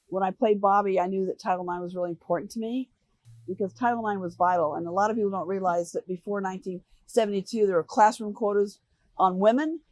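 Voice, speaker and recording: An older American woman answering interview questions, telling animated stories and acting out the voices of people she quotes. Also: medium pitch, dry recording. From United States. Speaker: interview guest. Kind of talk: relaxed storytelling interview.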